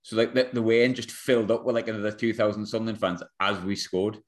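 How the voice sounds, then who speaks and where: A man's voice: lowish voice, quick pace. A young man, hosting a podcast and telling a funny story in casual, slangy chat. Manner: animated, laughing storyteller, slangy. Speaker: podcast host.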